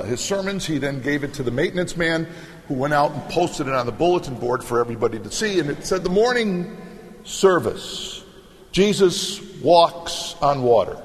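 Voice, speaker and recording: A middle-aged man preaching a sermon, telling stories in an animated way and acting out the voices in them. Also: a little high, long reverb tail. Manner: animated storytelling, acts out scripture voices. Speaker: pastor.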